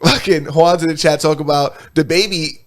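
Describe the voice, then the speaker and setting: A man in a relaxed podcast chat, slightly higher-pitched than most men. He jokes around and swears freely as he wraps up the show. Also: brisk. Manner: loose, profane banter. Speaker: podcast co-host. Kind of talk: casual chat.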